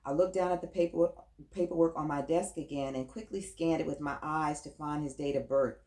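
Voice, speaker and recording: A woman with a low voice reads a first-person story aloud in an even, storytelling manner. Her voice carries a noticeable roomy echo from the recording. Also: a little fast. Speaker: audiobook narrator. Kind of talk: first-person audiobook narration.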